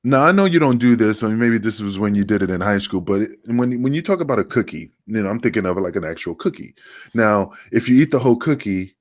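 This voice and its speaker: A man with a New York accent and a low voice, chatting casually as a podcast co-host. He rambles and restarts his sentences often. His voice sounds dry and close. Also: animated, fast talker, no room sound. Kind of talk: casual chat.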